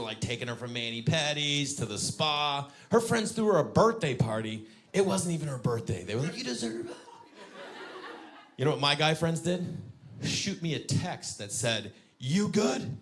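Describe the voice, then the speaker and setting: A man's voice: a little high, fairly bright tone, slight background noise. A man doing a stand-up comedy set, chatting with the audience and acting out scenes with exaggerated lines. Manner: banters with the audience.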